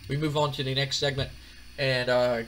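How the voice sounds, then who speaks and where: A man's voice: medium pitch, moderate pace, slight background noise. A man casually commentating his wrestling management game, rambling with lots of fillers. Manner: relaxed, rambling, many fillers. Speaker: gaming channel host. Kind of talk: casual let's-play commentary.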